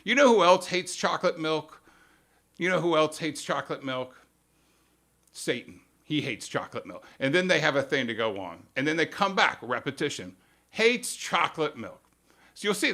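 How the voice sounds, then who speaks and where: A man's voice: a little high, bright, forceful tone. A man hosting a live stream, explaining media tactics in a casual, emphatic monologue and acting out quotes in mock voices.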